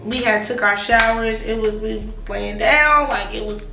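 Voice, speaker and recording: A young woman telling a frank, profane personal story straight to her viewers, animated, laughing and sometimes dropping to a near-whisper. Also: fairly high pitch, normal speed, gravelly, echoey room, music in the background. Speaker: vlogger. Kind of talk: casual storytime.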